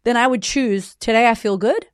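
A woman in her thirties, a podcast host and coach, giving a candid, high-energy motivational talk full of swearing. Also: moderate pace, clear, resonant tone, no room sound, clean studio sound.

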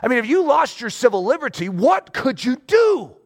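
A man preaching a sermon as pastor, conversational and animated, often checking in with his listeners. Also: very high voice, normal speed.

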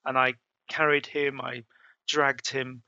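A man, sounding and middle-aged, telling a harrowing climbing story in a halting, restarting way. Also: medium pitch, little pitch movement, pushed and bright, smooth, dry recording, highs cut off. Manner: halting, with many restarts and fillers. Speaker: mountaineer telling his story. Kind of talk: casual spoken storytelling.

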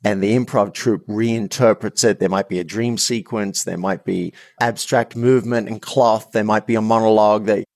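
An Australian man in his fifties, a coach telling stories as a podcast guest in an earnest, animated way with frequent restarts. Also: fairly low pitch, moderate pace, few pauses, dry recording. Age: 50s. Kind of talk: storytelling in a podcast interview.

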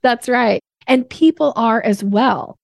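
A woman guest on a podcast, explaining sales steps in an energetic teaching manner. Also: a little high, slow pace, gravelly, no echo, studio quality. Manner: energetic teacher, acts out voices in examples.

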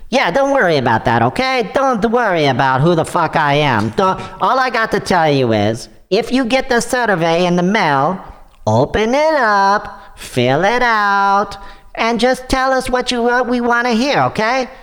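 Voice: mid-range voice, very animated, normal speed, fairly bright tone. A performer playing a shady male scam caller posing as a general, pushy and switching fake accents in a comedy prank-call sketch.

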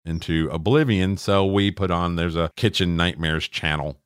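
A man's voice: deep voice, steady tone, normal speed, clean tone, dry recording, studio quality. A middle-aged man co-hosting a podcast, swearing freely as he rants and mimics people in casual chat. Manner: profane, ranting, acts out quoted voices. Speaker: podcast co-host.

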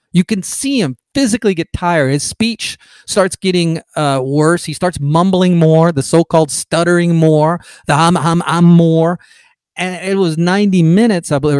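A man's voice: fairly high pitch, dry recording. A man hosting a political commentary podcast, talking in an emphatic, opinionated and mocking way. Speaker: podcast host.

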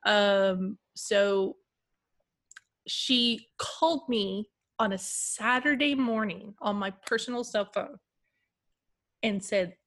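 A woman's voice: medium pitch, slow, fairly bright tone. A woman who works in school IT support, casually telling funny stories and laughing often. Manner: chatty, giggly storyteller. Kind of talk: casual podcast chat.

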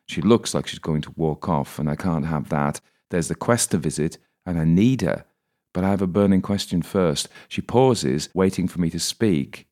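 A man's voice: low voice, moderate pace, a little mellow. A man narrating a first-person audiobook in a wry, dry manner.

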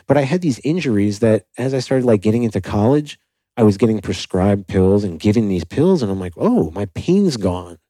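A man's voice: fairly low pitch, fairly quick, no room sound, poor audio. A young adult man from South Florida, a podcast guest telling his story candidly and animatedly, with many "like" fillers. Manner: animated, acts out quoted dialogue, frequent "like" fillers.

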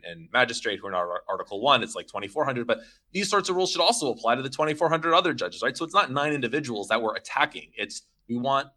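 Bright-voiced man talking fast with fillers. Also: mid-range voice. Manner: animated, filler-heavy with frequent likes and you knows. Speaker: podcast guest. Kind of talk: casual chat about law.

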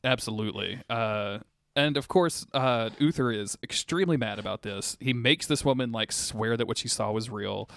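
A man co-hosting a podcast, talking loosely and rambling with a gravelly edge to his voice. He piles on fillers and restarts as he recaps a TV episode. His voice sits at a middle pitch, and the sound is dry and close. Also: moderate pace, a bit bright, no room sound. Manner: rambling, lots of fillers and restarts, bursts of laughter. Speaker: podcast co-host. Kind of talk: casual chat recapping a TV episode.

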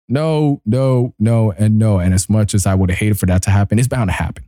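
A male podcast host at his desk mic tells a story in loose, slangy talk. His voice is mellow and dark, with a dry, close sound. He laughs often and leaps up high when he acts out his own excitement. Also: a little fast, few pauses, dry recording. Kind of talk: casual solo podcast storytelling. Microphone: desk mic he bumps.

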